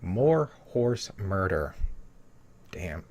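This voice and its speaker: A man's voice: deep voice, sing-song, drawn-out words, a little mellow. A man giving a casual spoiler rundown of a TV episode, reading bits of a summary and rambling with lots of filler words. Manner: rambling, heavy with "you know" fillers.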